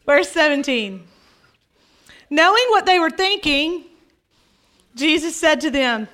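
A woman pastor delivers a sermon with animated humor, acting out Bible scenes as she goes. Her voice sits high and rings bright and forward. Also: slow, pauses often. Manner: animated, acts out scripture dialogue with humor.

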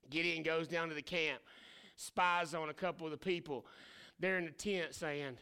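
A man's voice: fairly high pitch, moderate pace, bright, forceful tone, clean tone. A man preaching a sermon as pastor, talking casually with slang and acting out the voices of people in the stories.

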